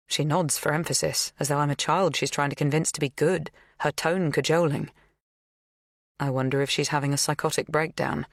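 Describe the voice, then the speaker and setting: A woman narrating an audiobook in a measured, even reading. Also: low voice, dry recording, clean studio sound. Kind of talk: scripted first-person narration.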